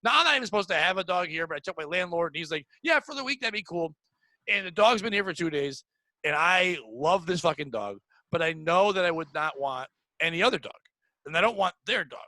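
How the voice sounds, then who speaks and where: A middle-aged man talks in a high, bright voice, recorded dry and close. He hosts a podcast and vents in a blunt, profane, rapid rush. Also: lively intonation, no echo, poor audio. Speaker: podcast host. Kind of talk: casual chat. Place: home room.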